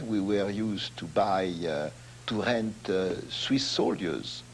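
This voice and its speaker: A man's voice: fairly low pitch, lively intonation, slow, slight background noise. A man giving an interview answer, hesitant and full of fillers.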